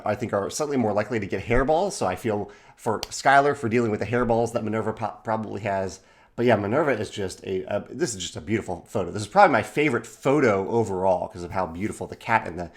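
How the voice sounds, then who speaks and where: A man casually talking to camera in a video, speaking fondly with frequent fillers and restarts. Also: lowish voice. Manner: halting, many restarts and fillers, affectionate. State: briefly emotional, voice catching. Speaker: board game publisher vlogging. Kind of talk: casual unscripted video talk.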